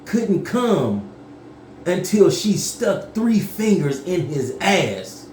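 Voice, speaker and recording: A man's voice: sits high, big pitch swings, drawn-out words, a little mellow, roomy sound, a little hiss or hum, pitched above the performer's own voice, heavily acted. A man voicing a young woman who apologizes and gossips. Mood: apologetic.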